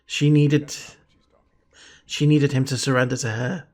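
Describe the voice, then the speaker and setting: A man hosting a reaction video, gushing with excited fan exclamations in casual commentary. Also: medium pitch, a little slow. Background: faint show soundtrack music.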